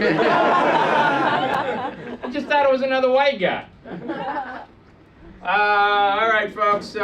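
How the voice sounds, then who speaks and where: Man from india doing standup, dry teasing jokes, noisy club, sounds a bit far off. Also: high voice. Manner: dry, teasing crowd work. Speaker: stand-up comedian. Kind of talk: stand-up set. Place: comedy club stage. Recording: distant mic, noisy club.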